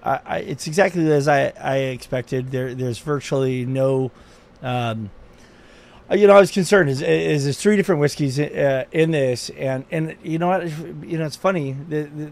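Guy cohosting a drinks show, bit high voice, keeps stopping and restarting. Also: gravelly, a little mellow. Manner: halting, many restarts and fillers. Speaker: co-host. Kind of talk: casual tasting chat.

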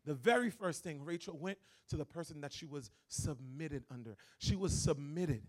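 A man's voice: on the high side, expressive, moderate pace. A young man of Haitian background in his twenties, preaching a sermon as a guest pastor with emphatic, repetitive phrasing. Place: church.

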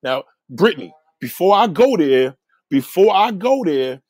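Male channel host, heated live rant, swearing, mocking, husky voice with a lively swinging delivery, dry sound. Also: a little slow, no room sound. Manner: profane, mocking ranting; animated, swinging pitch. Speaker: channel host reacting to viewers.

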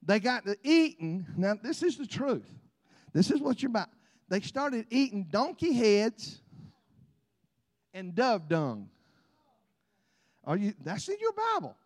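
A middle-aged man preaches in a notably high voice, spinning folksy stories and calling out amens. His words ring with long reverb through a large church. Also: big pitch swings, slow, pauses often. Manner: folksy storytelling with frequent amens and laughs. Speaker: pastor. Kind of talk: sermon.

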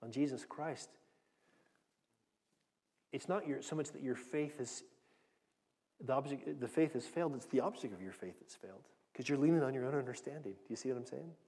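A man's voice: mid-range voice, a little fast, pauses often, mellow, breathy edge. Earnest male pastor in reverberant hall. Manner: earnest, direct, often restarts and repeats words. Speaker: pastor teaching a Bible passage. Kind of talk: conversational sermon.

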